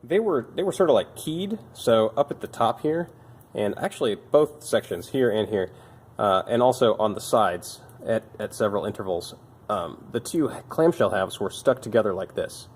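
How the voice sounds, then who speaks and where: A man's voice: lowish voice, animated, normal speed, husky. A young man who works at a bike shop, talking casually and with dry, self-mocking humor about old bike parts while sounding tired. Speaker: bike shop mechanic and video host. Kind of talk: casual show-and-tell talk.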